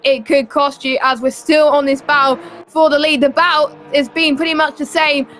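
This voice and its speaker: A woman co-commentating an online sim race, chatty and full of fillers, getting excited in close battles. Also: sits high, normal speed, a little hiss or hum.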